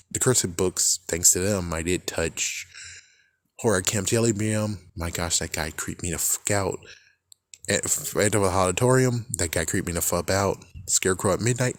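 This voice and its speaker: A man's voice: low voice, dry recording, clean studio sound. A young man talking in a casual, rambling monologue, swearing a lot and laughing often. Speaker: vlogger.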